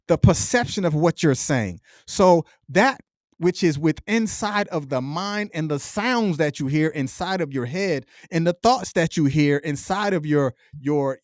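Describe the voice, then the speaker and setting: A man's voice: sits high, no room sound, clean studio sound. A middle-aged man hosting a podcast, delivering a reflective motivational monologue in a repetitive, preacher-like cadence. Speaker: podcast host.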